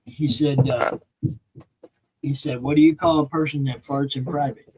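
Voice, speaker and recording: A man's voice: on the high side, fairly even intonation, moderate pace, a little mellow, a little hiss or hum, poor audio. An older man making wry, offhand remarks in casual chat.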